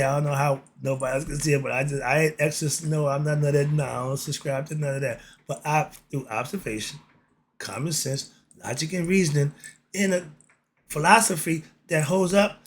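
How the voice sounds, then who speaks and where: A man's voice: on the high side, slight background noise. A man hosting a casual political monologue, blunt and streetwise, asking himself "why?" and answering. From United States. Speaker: commentary channel host.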